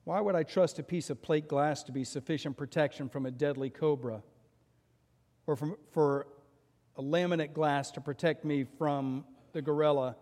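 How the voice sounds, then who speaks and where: Male pastor, fairly high voice, animated sermon delivery, echoing sanctuary sound. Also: moderate pace. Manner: animated storytelling with voiced quotes.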